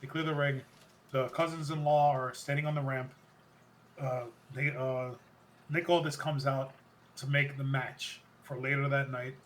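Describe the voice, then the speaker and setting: A man with a mid-range voice hosts a podcast, giving a casual wrestling recap at a measured pace over slight background noise. He rambles, recounts events excitedly, and often corrects himself mid-sentence.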